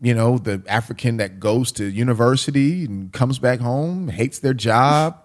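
An American man chatting casually, telling stories in an animated, slangy, emphatic way. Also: medium pitch, a little slow. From United States. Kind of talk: casual chat.

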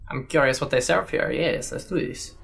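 A man's voice: medium pitch, moderate pace, gravelly, a bit bright, husky. A man playing a tabletop role-playing game, joking in a mock-dramatic way. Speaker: player. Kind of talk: casual tabletop play.

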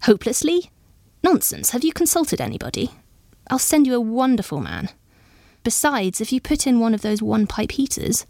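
A gushing society lady who exclaims over everything and brushes objections aside, as a woman narrator puts her on. Her voice sits far higher than the reader's own. It sounds close and dry. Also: big pitch swings, gravelly, mellow, dry recording. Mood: gushing, bossy. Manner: emphatic, exclaiming, quick to overrule.

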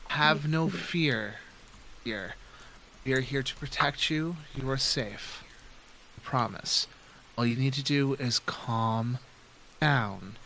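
A man's voice: on the high side, moderate pace, pushed and bright, slight background noise, poor audio. A man voicing a charming young adventurer who talks in a hesitant, placating way. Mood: soothing.

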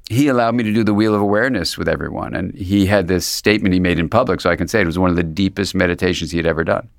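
A psychiatrist, interviewed as a guest, speaks in a voice on the low side, thinking out loud in a meandering, reflective conversational style with many restarts. The recording is dry and clean, studio-grade.

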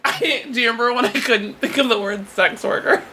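A woman's voice: a little high, moderate pace, sharp tone, a little hiss or hum. A young adult woman co-hosting a podcast in casual chat, laughing often and swearing freely. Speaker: podcast co-host.

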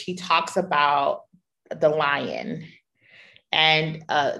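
A woman's voice: low voice, fairly bright tone. A middle-aged woman hosting a podcast, telling personal stories in a candid, playful and emphatic way. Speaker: podcast host. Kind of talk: personal storytelling monologue.

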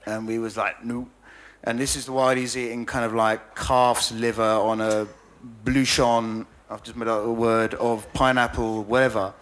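A man's voice: medium pitch, flat delivery, moderate pace, hardly any pauses, fairly bright tone. A man telling a rambling, self-deprecating story in casual conversation, with many stammering restarts and frequent laughter. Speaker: journalist and author guest.

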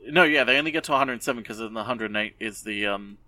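A man hosting a podcast, recapping an episode in a rambling, animated way with lots of fillers and swearing. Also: mid-range voice, fast, no echo. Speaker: podcast host. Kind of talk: casual chat.

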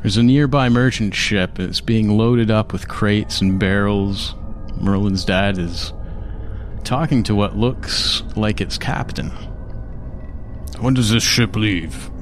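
A man narrating a tabletop role-playing game as game master, in slow, measured storytelling. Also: on the low side, a little hiss or hum.

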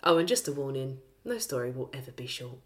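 Low-voiced woman podcast co-host. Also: expressive, fast talker. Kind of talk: casual chat.

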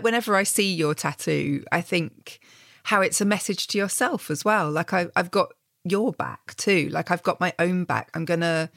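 Low, gravelly English woman host. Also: no echo, studio quality. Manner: reflective, hesitant, laughs softly. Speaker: podcast host. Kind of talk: casual conversation.

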